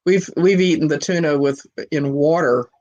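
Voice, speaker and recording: A woman's voice: low voice, steady tone, normal speed, a little mellow, lo-fi sound. An older woman on a chat panel, sharing family anecdotes with frequent laughter. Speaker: panel member. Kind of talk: casual chat.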